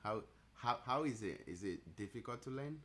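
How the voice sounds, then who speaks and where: A man hosting a live trading stream in a relaxed, chatty way, answering messages from his viewers as they come in. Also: mid-range voice, moderate pace. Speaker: livestream trading host. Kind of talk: casual live-stream chat.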